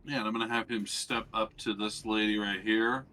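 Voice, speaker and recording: A man's voice: on the low side, fairly even intonation, brisk, pushed and bright, soft background music. A man playing in a tabletop game, asking rules questions and describing his moves with some hesitation. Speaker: player.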